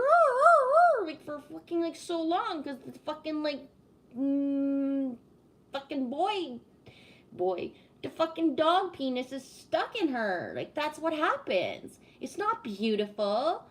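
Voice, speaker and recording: A woman chatting casually on a live stream, reading viewer comments and ranting with plenty of swearing. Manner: swears a lot, rants with rising pitch; talks to chat, reads comments aloud.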